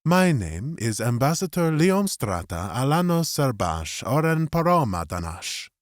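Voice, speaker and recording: A man voicing a tall male alien ambassador in an audiobook, speaking in a quiet, grave, soft and melodic way. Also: mid-range voice, very animated, measured pace, no echo, clean studio sound, pitched above the performer's own voice.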